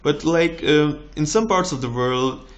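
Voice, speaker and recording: Encouraging young man, slight American tinge. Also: unhurried. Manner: relaxed, encouraging, with lively rises in pitch. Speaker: doctor giving exam tips. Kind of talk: casual advice vlog.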